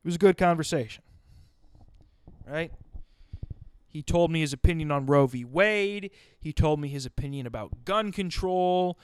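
A man's voice: on the high side, moderate pace, long pauses, clear, resonant tone, no room sound. A man telling a funny story in a loose monologue, casually swearing and acting out the people he quotes. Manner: animated, acts out quoted voices, swears casually.

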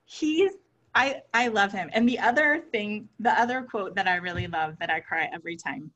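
A woman's voice: mid-range voice, moderate pace, fairly bright tone, highs cut off. A woman co-hosting a casual chat, effusive and affectionate, with frequent "like" and "um" fillers. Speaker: podcast co-host.

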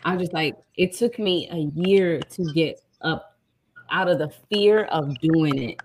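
Deep-voiced female comic, earnest and blunt, slight noise behind her. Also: a little slow. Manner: strong-willed, blunt, earnest. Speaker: stand-up comedian. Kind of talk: casual chat.

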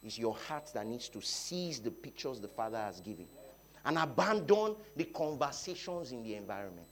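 A Nigerian man preaching a sermon, dropping to quiet talk and rising to loud shouts, often repeating his phrases. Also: mid-range voice, big pitch swings, moderate pace. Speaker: pastor. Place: church hall.

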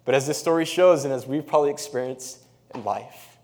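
A man's voice: medium pitch, brisk. Conversational man preaching a sermon. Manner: conversational, animated, laughs, reads scripture aloud. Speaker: pastor.

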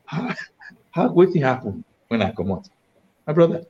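A Nigerian man tells his stories as an interview guest, slipping into the voices of the people he quotes. His delivery is lively and digressive. The recording is dull and muffled. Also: on the high side, slow pace. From Edo State, Nigeria. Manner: animated storyteller, acts out quoted speech. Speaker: interview guest, former state information official. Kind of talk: storytelling in Nigerian Pidgin.

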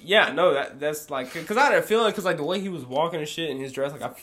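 A young man, co-host of a podcast, telling stories in an animated, profane, slang-heavy casual chat. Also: a little high, fast, slight background noise.

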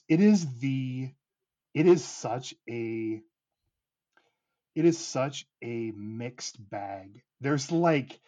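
A man in his thirties hosts a podcast, chatting casually in a medium-pitched, darkish voice, and the audio sounds dull. He rambles, restarting sentences often and using lots of fillers.

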